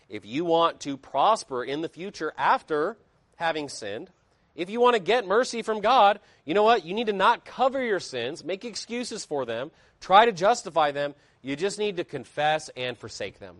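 A man's voice: fairly high pitch, very animated, normal speed, a bit bright, dry recording. Emphatic male preacher with a dry sound. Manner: emphatic preaching with rising and falling intensity; reads scripture aloud in old-style wording. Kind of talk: sermon.

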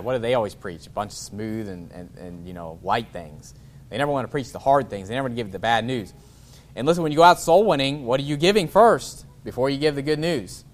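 Chuckling preacher, casual sermon. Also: male voice, mid-range voice. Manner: chuckles often, with restarts and informal asides; reads scripture in a slower, formal cadence. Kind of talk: sermon with scripture reading.

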